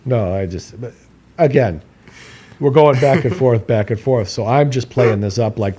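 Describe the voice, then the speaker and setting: With a mellow, mid-range voice at a moderate pace and slight background noise, a man co-hosts a podcast. He tells a long personal story casually and meanderingly, laughing often and raising his voice whenever he acts out a quote.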